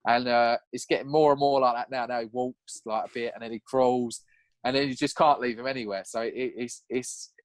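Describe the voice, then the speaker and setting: Young man, casual podcast guest, animated storyteller, dry close sound. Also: medium pitch, normal speed, no room sound. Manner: animated, acts out his own past lines in a raised voice; swears casually, laughs through his story.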